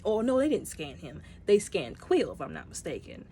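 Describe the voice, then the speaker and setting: A woman's voice: mid-range voice, huge pitch swings, moderate pace, mellow, slight background noise. A woman giving a casual spoken movie review, retelling scenes and acting out the characters' lines.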